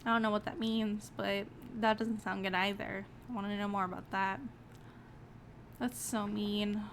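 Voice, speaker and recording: A woman's voice: mid-range voice, normal speed, a little hiss or hum. Emotional young woman streaming a game. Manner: expressive, emotional, swearing. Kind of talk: live game playthrough commentary.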